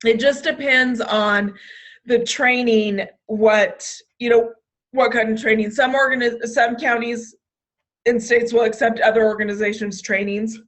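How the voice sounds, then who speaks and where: A woman's voice: on the high side, fairly even intonation, unhurried, a bit bright. A woman presenting a staff training session, restarting phrases often, with hiccups now and then. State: has hiccups. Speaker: state program trainer.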